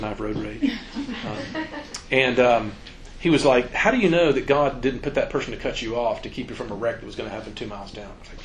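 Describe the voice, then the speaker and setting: A man's voice: medium pitch, slight background noise. A man giving an informal, joking talk to students as a campus minister, acting out quoted voices. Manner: animated, joking, acts out quotes.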